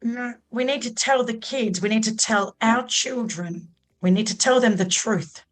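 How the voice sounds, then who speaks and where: Earnest, higher-pitched Australian woman guest. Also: unhurried, rough recording. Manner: earnest, heartfelt, emphatic. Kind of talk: podcast interview.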